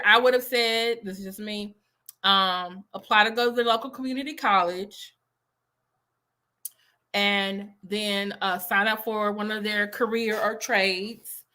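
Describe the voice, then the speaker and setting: A woman's voice: medium pitch, bright, forceful tone. A woman teacher giving casual reaction commentary, rambling and skeptical. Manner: rambling, many fillers, skeptical.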